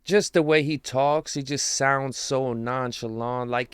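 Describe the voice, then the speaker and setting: A man giving casual, excited fan commentary with slang, rambling about his team. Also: medium pitch, slow, clear, resonant tone. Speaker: sports commentator.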